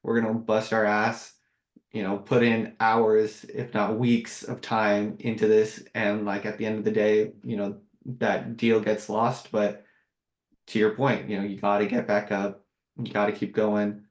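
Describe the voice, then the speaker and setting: Male podcast co-host, low voice, relaxed and casual, roomy echo on the recording. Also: measured pace. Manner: relaxed, agreeable, casual swearing. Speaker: podcast co-host, sales engineer.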